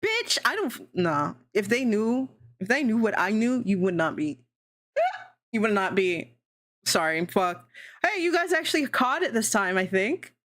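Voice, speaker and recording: A woman streamer in casual live-stream chat, rambling, swearing and laughing often, her pitch jumping around. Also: big pitch swings, measured pace, fairly bright tone.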